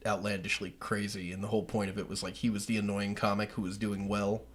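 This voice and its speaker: A man's voice: fairly low pitch, fast talker, a little hiss or hum. A young adult man co-hosting a casual podcast, rambling and swearing freely as he talks through movies. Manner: rambling, profane, animated retelling of movie scenes. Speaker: podcast co-host. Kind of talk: casual chat.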